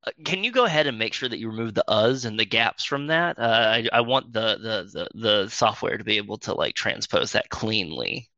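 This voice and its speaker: A man's voice: fairly low pitch, animated, brisk, few pauses, pushed and bright, no echo. A man narrating an improvised character backstory in a rambling way, with many fillers and self-corrections, recorded with a dull lo-fi sound.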